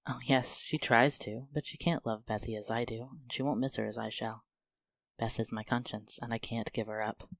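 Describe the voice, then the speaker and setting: A man reading aloud as a fiery, tender-hearted young woman from a storybook, swinging between grief and joy. The voice is plain, close and dry, at an everyday pitch with no room sound around it. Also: level tone, normal speed, creaky, no echo, natural voice. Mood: grieving. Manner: emotional, pleading then joyful.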